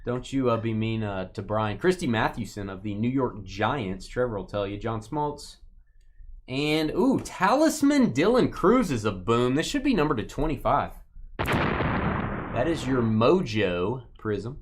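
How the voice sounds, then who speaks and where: A man calls out buyers and teams on a live card break stream, his pitch swinging up and down with a lively bounce. He rambles through jokes and asides between the names. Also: moderate pace.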